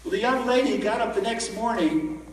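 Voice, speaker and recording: A man giving an animated storytelling sermon as a rabbi at a conference, recorded from far off in a large echoey hall. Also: sits high, moderate pace, a little hiss or hum. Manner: animated, acts out the story in voices.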